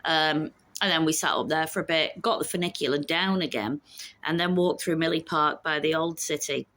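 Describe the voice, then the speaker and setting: Low-voiced woman in her fifties. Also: fairly quick, pushed and bright. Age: 50s. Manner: chatty and frank, swears freely. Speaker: vlogger. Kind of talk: casual chat.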